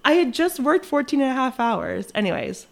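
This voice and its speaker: Lively young woman telling a story. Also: high-pitched, gravelly. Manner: lively, rushes and acts out quotes, laughs often. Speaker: flight attendant telling a travel story. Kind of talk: animated casual storytelling.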